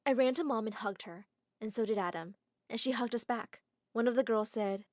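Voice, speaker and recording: A woman tells a first-person animated drama with expressive, dramatic delivery. Her voice sits a bit high. The read is dry and close. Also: brisk, no echo. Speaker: narrator.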